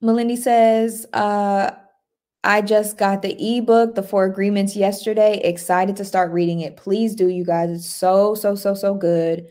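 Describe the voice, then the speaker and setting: A woman's voice: mid-range voice, steady tone, measured pace. Upbeat woman hosting a livestream. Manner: warm, upbeat, chatty, reads out viewer comments. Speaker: livestream host. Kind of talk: casual live-stream chat.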